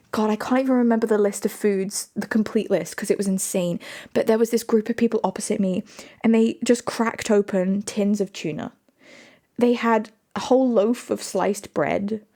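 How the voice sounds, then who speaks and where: A woman's voice: mid-range voice, a little mellow. A young woman streaming live, chatting casually with viewers in a giggly, rambling, self-mocking way. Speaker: livestreamer.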